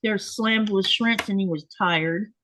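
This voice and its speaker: A woman's voice: medium pitch, a little slow, fairly bright tone, low-quality recording. A woman hosting a casual chat from her home sewing desk, talking in a rambling way with restarts and laughs. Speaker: host.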